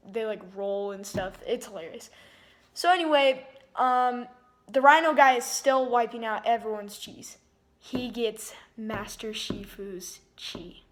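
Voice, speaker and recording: Rambling woman retelling a movie. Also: on the high side. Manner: rambling, heavy use of "like", frequent restarts. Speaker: movie reviewer. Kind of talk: casual plot retelling.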